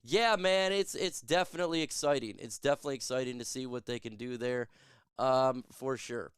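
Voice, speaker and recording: A man's voice: medium pitch, brisk, clean tone, no echo, clean studio sound. Chatty man hosting a sports Q&A. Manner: chatty, joking, reads and answers viewer comments. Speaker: sports podcast host. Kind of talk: casual live Q&A chat.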